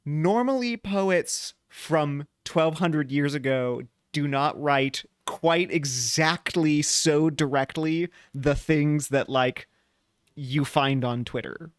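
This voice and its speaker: Animated man with a smooth voice. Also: a little high, slow pace, dry recording, clean studio sound. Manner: animated, playful when paraphrasing old texts. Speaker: podcast co-host, priest. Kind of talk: casual chat.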